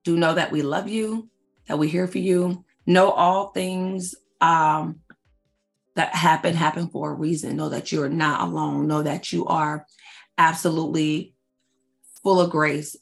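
A woman in her forties, a faith-based life coach, chatting casually and excitedly to her followers, repeating herself for emphasis and calling them y'all. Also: deep voice, creaky. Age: 40s. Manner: slangy, addresses audience as y'all. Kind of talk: casual announcement chat to followers.

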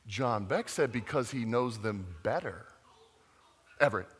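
Playful children's pastor, bright lively voice, lots of pitch swing, recorded in an echoing church hall. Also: male voice, unhurried, breathy edge. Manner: playful, interactive, acts out voices. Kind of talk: animated family sermon to kids and adults.

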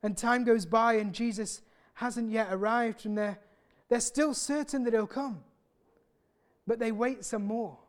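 A man preaching a sermon, earnest and personal, often pausing and restarting his sentences. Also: extremely high pitch, steady tone. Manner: earnest, with many pauses and restarts.

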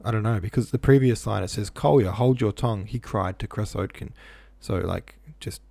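A man's voice: fairly low pitch, moderate pace, creaky, a little mellow, no room sound. A man reading a novel aloud, breaking off for offhand asides full of "like". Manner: offhand, says "like" a lot. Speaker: reader.

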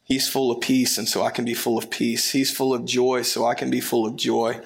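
A man preaching a sermon in a relaxed, conversational way, with friendly asides and filler words. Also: medium pitch, moderate pace, creaky. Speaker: pastor.

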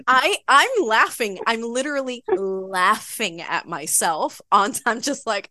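A woman guest on a podcast, telling an animated story with frequent laughter in a casual chat. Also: a little high, slow pace, no echo, clean studio sound. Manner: giggly, animated, laughs often. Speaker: podcast guest, bodybuilding pro.

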